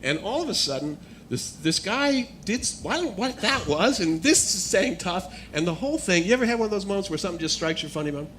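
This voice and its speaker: Man telling a testimony, fairly high voice. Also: brisk, few pauses, a little hiss or hum. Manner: storytelling, builds to animated excitement. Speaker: guest speaker. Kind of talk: personal testimony talk.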